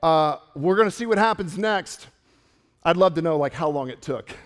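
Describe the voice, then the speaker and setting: A man's voice: a little high, lively intonation, moderate pace, big-room sound. A male pastor preaching a sermon in a church, fervent and storytelling.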